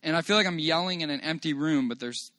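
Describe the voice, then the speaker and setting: A man speaking in a somewhat high voice, recorded close and dry. He gives an earnest, halting personal testimony to a church congregation, often restarting his phrases and giving praise to God. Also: bright, forceful tone, dry recording. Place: church meeting room.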